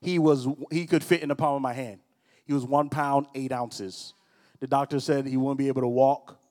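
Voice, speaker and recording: A man's voice: medium pitch, steady tone, moderate pace, darkish tone. Storytelling male pastor in reverberant hall. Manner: conversational, storytelling, teasing asides. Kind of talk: casual sermon.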